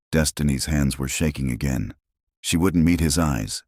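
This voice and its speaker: A man narrating a scripted drama story with a measured, dramatic delivery into a close mic. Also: extremely low pitch, a little mellow, dry recording.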